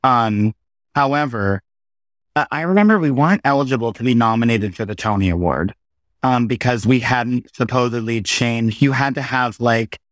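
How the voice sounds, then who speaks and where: Animated male theater performer, dry sound. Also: mid-range voice, dry recording. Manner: animated storytelling, quick asides. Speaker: guest, Broadway performer. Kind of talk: casual interview chat.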